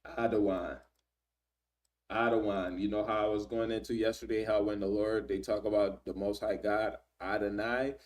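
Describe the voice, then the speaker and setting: A man reading scripture aloud and explaining it in relaxed everyday slang, often checking in with "right?". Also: fairly low pitch, far from the mic. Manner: reads scripture then paraphrases in slang, frequent "right?". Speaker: Bible teacher. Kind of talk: casual Bible study reading and commentary.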